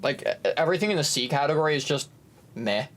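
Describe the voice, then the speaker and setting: Young male streamer, relaxed chatty co-host, lively, a touch high-pitched. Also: fast. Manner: animated, breaks into high silly voices. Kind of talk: casual stream chat.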